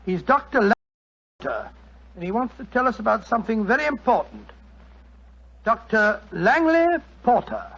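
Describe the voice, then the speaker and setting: An actor playing a genial older doctor who tells stories in a 1940s radio show. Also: male voice, sits high, sing-song, normal speed, long pauses, fairly bright tone, husky, heavily acted. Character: genial older male doctor, the detective's friend. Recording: dull lo-fi old radio recording.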